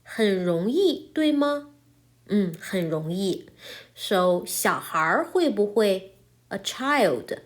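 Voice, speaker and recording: Woman, native Chinese speaker, grammar teacher; slow, patient delivery with lively pitch swings. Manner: slow, patient explaining, checking in with "right?". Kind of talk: grammar lesson explaining in English with Chinese examples.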